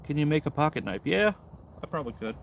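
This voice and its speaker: Outdoors in the cold, a livestream host chats in a laid-back way, reading out and answering chat messages while he carves. His voice is fairly high, sing-song, creaky and narrow, and he talks fast. The audio is tinny with slight background noise.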